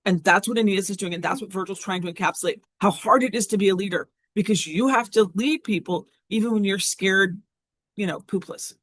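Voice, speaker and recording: A woman's voice: medium pitch, a little fast, a bit bright, dry recording. A woman teaching a Latin lesson in a classroom, chatty and thinking aloud as she translates.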